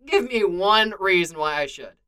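Woman reading a teasing young male archer; bright, animated, self-mocking. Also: medium pitch, normal speed.

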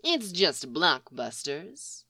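Woman reader playing a dry, teasing male thief; slow, mild drawl. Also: low voice, sing-song, sharp tone, dry recording, heavily acted. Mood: sly. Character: dry sly man, mild mocking thief.

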